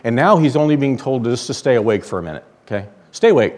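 A man preaching a sermon in an earnest, conversational way, reading scripture aloud slowly. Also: mid-range voice, expressive.

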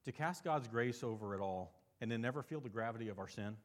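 Pastor guy preaching, chatty, mid pitch, gets loud and excited then drops soft and serious. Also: quick pace. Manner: conversational preaching with frequent rhetorical questions; swings between animated emphasis and soft, low earnest passages. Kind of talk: sermon.

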